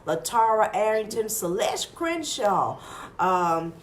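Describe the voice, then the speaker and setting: A woman's voice: medium pitch, sing-song, slow. An upbeat woman hosts a live radio show, her voice swinging widely up and down as she leans on repeated words for emphasis. She reels off greetings to listeners over a faint hiss. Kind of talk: live radio interview with listener shout-outs.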